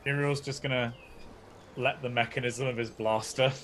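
A man's voice: medium pitch, steady tone, moderate pace, fairly bright tone, a little hiss or hum. A man playing in a tabletop game, rambling and stumbling over his plans. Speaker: player.

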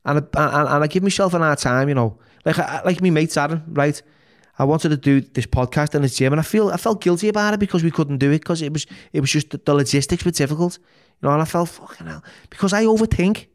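A man's voice: on the high side, fast. A middle-aged man, a podcast guest talking candidly, bluntly and full of swearing, often restarting his sentences. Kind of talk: candid interview talk.

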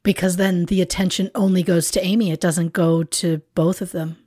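A woman's voice: fairly low pitch, fairly even intonation, normal speed, warm tone, husky, no echo, clean studio sound. A woman podcast co-host chiming in with short, wry reactions in casual chat.

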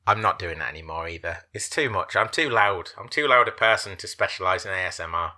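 A man's voice: low-pitched, expressive, quick pace, bright, forceful tone. A man co-hosting a podcast, chatting casually and rambling, often stumbling over his words. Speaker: podcast co-host.

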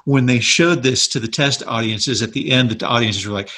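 Husky man telling movie trivia. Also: mid-range voice, moderate pace. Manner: animated storyteller, laughs often. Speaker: podcast co-host. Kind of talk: casual movie chat.

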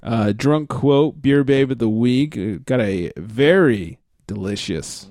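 A man's voice: medium pitch, slow, darkish tone, dry recording, clean studio sound. A man hosting a casual beer podcast, laid-back and rambling, laughing often as he talks. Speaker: podcast host.

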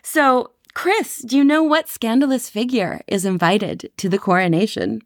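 A woman's voice: on the high side, big pitch swings, normal speed, no room sound, studio quality. A woman co-hosting a casual podcast chat, reading out quotes with wry, playful commentary. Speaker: podcast co-host. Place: Paris.

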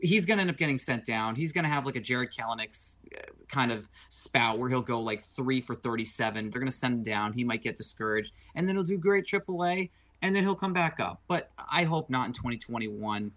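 A male podcast co-host with a lively, swooping pitch. He recounts stories casually, teasing his friends. His voice sits in an ordinary middle register. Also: fairly quick. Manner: animated, joking storyteller. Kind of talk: casual sports talk.

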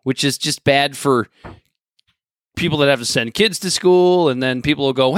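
A man from Michigan co-hosts a casual podcast, teasing his partner and launching into opinionated rants. His pitch is ordinary for a man. The sound is dry and close to the mic. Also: fairly even intonation, normal speed, a bit bright, dry recording. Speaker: podcast co-host. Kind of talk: casual banter.

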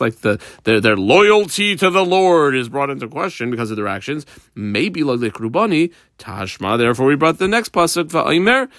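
Guy walking thru a talmud page, lots of uh and like, middle pitch, dry close mic. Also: fairly bright tone, dry recording. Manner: explanatory, translating line by line with frequent fillers. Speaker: Talmud teacher.

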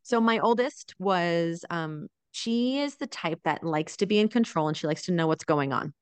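A woman's voice: lowish voice, normal speed, clean tone, no echo. A woman in her thirties, a mother of four, telling family stories in a casual interview and often checking in with "right?". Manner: animated storyteller, often adds "right?". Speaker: guest, mother of four living abroad.

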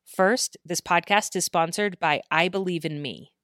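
Woman host, low voice, close dry mic, easy conversational read. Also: measured pace, a bit bright, dry recording. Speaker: podcast host. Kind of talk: casual podcast conversation.

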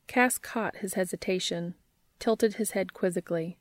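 A woman reading a story aloud in a soft, measured way. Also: mid-range voice, dry recording, clean studio sound. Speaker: narrator.

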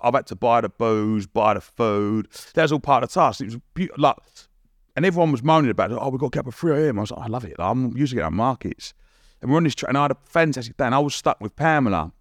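Male guest, quick animated anecdote delivery, dry close mic. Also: mid-range voice, dry recording. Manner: rapid, animated, lots of restarts and acted-out quotes. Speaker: podcast guest. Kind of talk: casual storytelling.

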